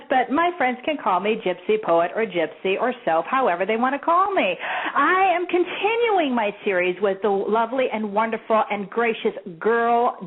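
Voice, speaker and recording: A woman hosting an internet radio show, introducing guests with gushing, effusive praise. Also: fairly high pitch. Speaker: radio host. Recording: tinny phone line.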